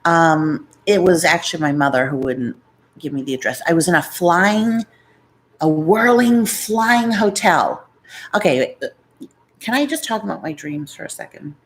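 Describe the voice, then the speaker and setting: Low-voiced chatty New woman. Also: animated, a little slow, poor audio. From New York. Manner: rambling, chatty, jumps between topics. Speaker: YouTuber hosting a live chat. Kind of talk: casual live-stream chat.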